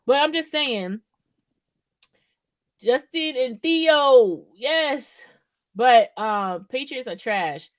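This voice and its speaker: A woman's voice: sits high, expressive, drawn-out words, pauses often, dry recording. A woman co-hosting a podcast in casual, profane chat, rambling and often checking in with "right?". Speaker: podcast co-host.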